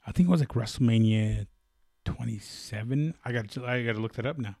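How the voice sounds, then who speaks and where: A man's voice: medium pitch, brisk, dark tone, dry recording, clean studio sound. A man chatting casually about fights, rambling with many fillers and restarts. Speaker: fight commentator. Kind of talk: casual sports chat.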